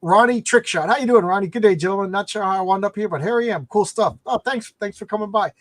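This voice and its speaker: A man's voice: high voice, fast, no echo. A man hosting a casual late-night comics live stream, rambling as he retells comic plots.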